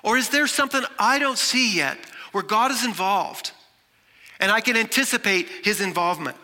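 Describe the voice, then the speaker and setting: A man preaching a sermon with dramatic delivery, shifting between loud and soft. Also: sits high, moderate pace, long reverb tail. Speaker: pastor.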